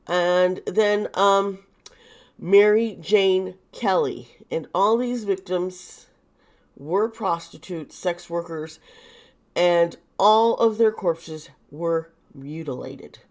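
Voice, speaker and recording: Slow, halting woman reading tarot. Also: lowish voice, lively intonation. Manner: halting, thinking aloud with many restarts; nervous, uneasy. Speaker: tarot reader and video host. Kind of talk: casual true crime tarot reading.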